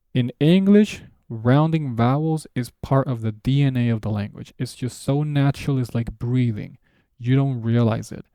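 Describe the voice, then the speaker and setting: A man's voice: medium pitch, creaky, dark tone, no echo. A man teaching beginners in a patient way, repeating his points and exaggerating sounds to show them. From Spanish-speaking background. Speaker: language teacher. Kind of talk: explaining a lesson to beginners.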